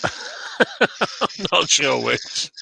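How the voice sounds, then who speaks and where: A Scottish man co-hosts a live stream with a gravelly, fry-edged voice. His pitch swings lively up and down, and he keeps up a playful, joking banter. The sound is close and dry. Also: dry recording. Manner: playful, jokey, quick to laugh. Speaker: co-host.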